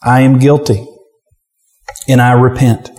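A pastor preaching a sermon with forceful, repetitive exhortation. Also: male voice, mid-range voice, level tone, a little slow, big-room sound.

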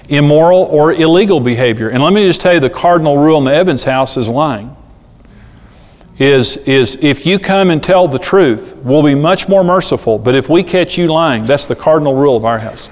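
A middle-aged man preaching a sermon on parenting, animated and acting out the voices he quotes. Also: mid-range voice, fairly quick. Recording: long hall reverb.

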